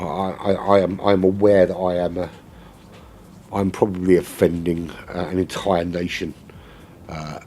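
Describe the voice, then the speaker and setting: A man's voice: deep voice, breathy edge. A man giving live sim racing commentary in a rambling, jokey way, swearing casually. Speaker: race commentator.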